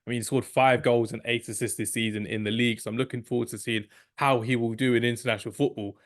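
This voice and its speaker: A man's voice: mid-range voice, flat delivery. A man co-hosting a football podcast, chatting casually and cracking jokes. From England. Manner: jokey, chatty, rapid asides. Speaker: podcast co-host.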